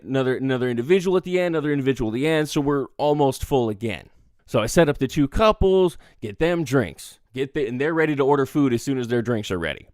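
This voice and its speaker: A man's voice: medium pitch, dry recording, clean studio sound. A man telling a casual story about his job as a bartender, acting out the customers' lines with energy. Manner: animated, acts out customers' lines.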